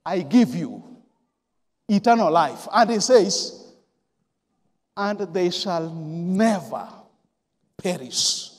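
A pastor with a strikingly high voice preaches slowly and deliberately, leaning hard on repeated words. He drops to a hush, then rises to loud stressed lines. His voice rings with the long reverb of a large church hall. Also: expressive. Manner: emphatic, repeats key words, swings from quiet to loud. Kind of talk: sermon.

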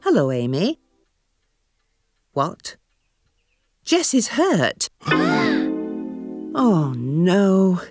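A motherly wife with a fussing, concerned manner for a children's cartoon. She speaks slowly with very wide swings of pitch, in a dry, close sound with faint music behind. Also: wildly swooping pitch, a little mellow, no room sound, full character voice. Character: warm motherly adult woman, postman's wife.

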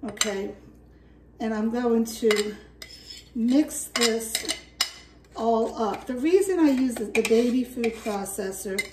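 An older woman chatting to camera in her home kitchen, rambling and lively as she cooks. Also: on the high side, takes it slowly, long pauses, far from the mic, background noise. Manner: chatty, rambling, talks to camera while cooking. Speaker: home cook vlogger. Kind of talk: casual cooking vlog.

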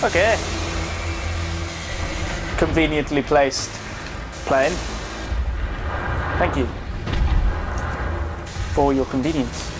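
A man giving chatty, excitable live commentary while playing a video game, talking to his viewers and swearing now and then. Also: a little high, extremely slow, long pauses, over music. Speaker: gaming video host. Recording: commentary over loud game gunfire.

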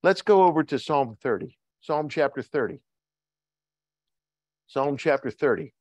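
An older man preaching a sermon as pastor, reading scripture slowly with rising emphasis, then talking plainly to his church. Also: mid-range voice, animated, a little mellow, no room sound. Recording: dull lo-fi sound.

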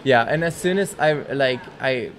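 A man's voice: medium pitch, moderate pace. A young man from East Germany, a guest answering casual interview questions hesitantly. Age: young adult. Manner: hesitant, many fillers.

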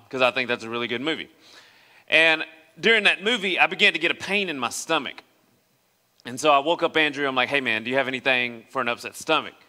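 A young man from West Tennessee, preaching as a pastor and telling a personal story in an animated way, acting out the voices of the people in it. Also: fairly high pitch. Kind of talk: sermon storytelling. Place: church sanctuary. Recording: long reverb of a church hall.

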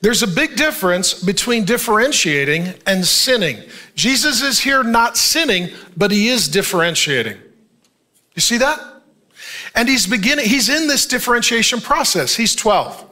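High, bright-voiced joking pastor. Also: male voice. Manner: conversational and joking, asks the crowd "Amen?"; reads scripture at a slow, even pace. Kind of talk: sermon with scripture reading.

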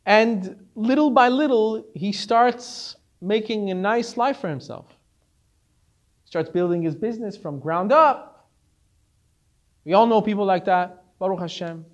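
A man teaching as a rabbi, telling a story in a conversational, animated way. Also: high voice. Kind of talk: Torah class storytelling.

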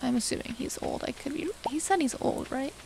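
Slow, gravelly high-voiced young woman. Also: rough recording. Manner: rambling, self-mocking chatter to herself. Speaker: gaming streamer. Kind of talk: casual let's-play commentary. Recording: steady background noise.

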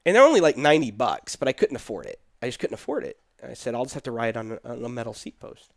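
A middle-aged man telling a personal story in casual conversation, animated and quoting the people in it. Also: medium pitch, quick pace, creaky, no echo, studio quality. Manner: animated, quotes people in his story, laughs between. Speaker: guest telling his story.

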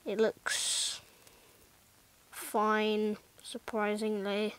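A woman's voice: medium pitch, level tone, drawn-out words, a bit bright, rough recording. A woman giving casual, rambling gameplay commentary, mocking herself and often muttering asides under her breath. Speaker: gaming YouTuber.

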